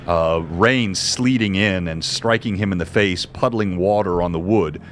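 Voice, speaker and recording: Low-voiced male game master. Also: slight background noise. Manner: descriptive, measured narration with fillers. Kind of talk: narrating a tabletop game.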